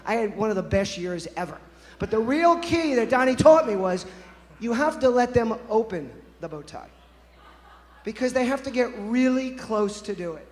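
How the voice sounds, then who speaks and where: A man in his fifties with a notably high voice tells playful stories to a conference crowd and keeps talking straight to the listeners. His voice rings with the long echo of a big conference hall. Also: expressive, moderate pace. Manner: playful, anecdotal, addresses the audience directly. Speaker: conference presenter. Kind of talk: storytelling keynote talk. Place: conference stage.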